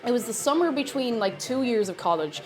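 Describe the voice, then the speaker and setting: Irish woman, young, baking-stream host; rambling, laughing storyteller with an animated, rather high voice. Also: a little fast, soft background music. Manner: chatty, rambling storyteller who laughs often. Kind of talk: casual chat while baking. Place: home kitchen.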